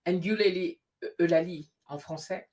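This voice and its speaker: Woman host, slightly low voice, animated storyteller who restarts often. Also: moderate pace. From grew up in France. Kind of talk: casual conversation. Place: lives in the UK.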